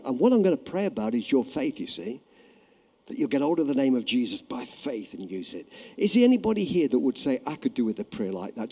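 Brief: fervent male preacher, dark mellow tone, lively rising and falling delivery, long church reverb. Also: medium pitch. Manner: impassioned, swings from shouting to hushed prayer. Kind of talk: sermon. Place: church hall. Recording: echoey hall.

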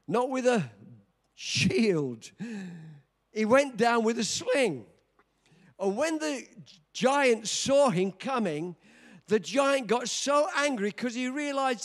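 An older man in his seventies preaching a sermon, telling a story with dramatic swings from quiet to shouting. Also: very high-pitched. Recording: long reverb of a large hall.

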